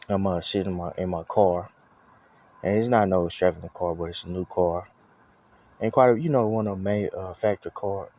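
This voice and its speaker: A man's voice: sits low, a little mellow. A man giving a casual personal testimony, rambling and profane, with lots of filler phrases. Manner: rambling, profane, full of "you know what I'm saying".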